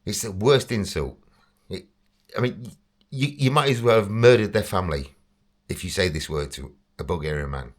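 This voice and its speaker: A man's voice: deep voice, moderate pace, long pauses. An English man telling a casual, rambling story about himself, chatty and self-deprecating, often breaking into laughter. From England. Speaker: vlogger.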